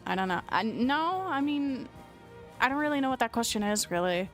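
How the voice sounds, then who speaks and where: A woman's voice: a little high, animated, moderate pace, a bit bright, soft background music. A congested young woman streamer who reads a document aloud in casual commentary, blunt, profane and sarcastic.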